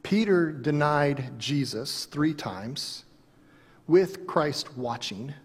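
Pastor guy preaching, earnest and chatty, slightly high voice, long echo. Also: animated, drawn-out words, slightly rough. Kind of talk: sermon.

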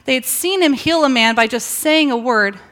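A woman pastor preaching a sermon, telling a Bible story with emphatic pauses and rhetorical questions. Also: high voice, a bit bright.

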